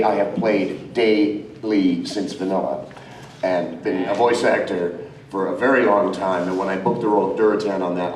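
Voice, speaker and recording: Excitable man storyteller in an echoey hall. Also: lowish voice, recorded from a distance, a little hiss or hum. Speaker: voice actor panelist. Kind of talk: casual convention panel talk. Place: convention panel room.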